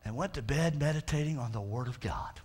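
A man's voice: medium pitch, expressive, a little fast, a little mellow, breathy edge. A male pastor preaching a fervent sermon, stretching out his quotes of scripture for emphasis.

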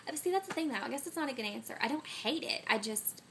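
A woman's voice: sits high, animated, quick pace, fairly bright tone, a little hiss or hum. A woman vlogging casually to camera, scatterbrained and full of ums and self-corrections, getting sick and coughing. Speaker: vlogger answering a movie tag.

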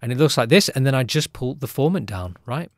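A man who produces music gives a casual, upbeat tutorial in a chatty way, often tagging lines with a quick question. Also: mid-range voice, animated, dry recording, clean studio sound.

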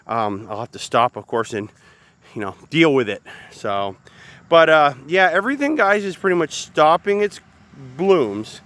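Outdoors, a gardening vlogger gives a casual, chatty tour of his garden, frequently addressing viewers as guys. His voice is mid-range and a bit bright.

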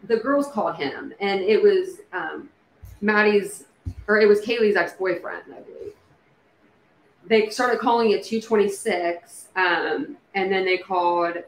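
A woman hosting a casual livestream, thinking out loud with many fillers and restarts. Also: medium pitch. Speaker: true crime livestream host. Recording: echoey room with faint background noise.

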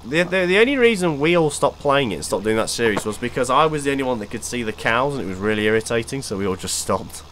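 A man's voice: medium pitch, sing-song, quick pace, hardly any pauses, fairly bright tone, a little hiss or hum, poor audio. Young man rambling on voice chat. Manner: swears freely, rambling. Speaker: gamer hosting voice chat. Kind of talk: casual chat.

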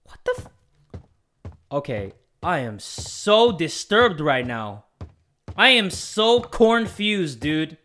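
A man's voice: on the high side, big pitch swings, slow pace. Jumpy young man narrating a creepy game. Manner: jumpy, yelps and shouts when startled, reads game prompts aloud; casual slangy chatter. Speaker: gaming YouTuber. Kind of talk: let's play commentary.

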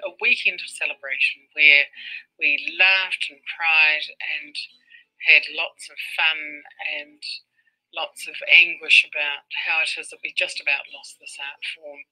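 A man's voice: a little high, sharp tone, rough recording. A man telling a heartfelt personal story in a documentary interview. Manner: heartfelt, reflective, emotional.

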